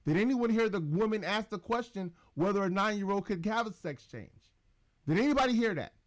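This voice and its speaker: A man hosting a podcast argues hotly, swearing often and hammering the same point. His voice sits high for a man, and he sounds thoroughly exasperated. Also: expressive, fairly quick. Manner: exasperated, profane, repetitive. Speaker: podcast host. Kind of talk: heated casual argument.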